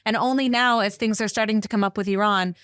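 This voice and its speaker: A woman's voice: mid-range voice, steady tone, quick pace, a bit bright, dry recording, studio quality. A woman co-hosting an interview show, explaining her view at length in a thoughtful way. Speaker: co-host.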